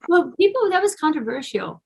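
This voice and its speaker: A woman's voice: high-pitched, sing-song, a little fast, gravelly, low-quality recording. A middle-aged actress being interviewed, talking effusively and casually, often restarting her sentences.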